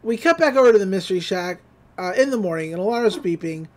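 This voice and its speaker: A podcast host giving a casual, giggly recap of a cartoon episode, retelling scenes in an animated way. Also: medium pitch, quick pace.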